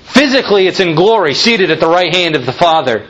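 Lively high-voiced male preacher. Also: a little fast. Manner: emphatic, rhetorical questions, builds to fervent peaks. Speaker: pastor. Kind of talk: sermon.

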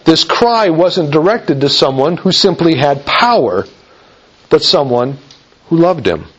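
A man preaching a sermon in an earnest, measured way, slowing down to stress quoted verses. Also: a little high, sing-song, breathy edge. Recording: dull lo-fi recording.

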